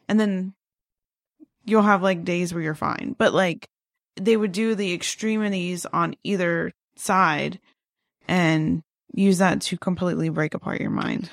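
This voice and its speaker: Gravelly podcast co-host. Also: medium pitch, no echo, clean studio sound. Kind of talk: casual conspiracy podcast chat.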